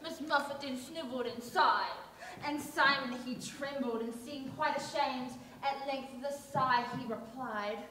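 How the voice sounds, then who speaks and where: A woman's voice: high-pitched, a little slow, pushed and bright, a little hiss or hum. A young woman recites nursery verse on stage in a sing-song, rhythmic way. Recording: echoey hall, from far off.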